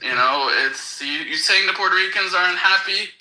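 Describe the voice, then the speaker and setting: A man argues politics bluntly and insistently, swearing freely. His voice is extremely bright and sharp, a little high. He keeps talking over the other speaker. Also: brisk, rough recording. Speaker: podcast co-host. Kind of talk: heated political debate.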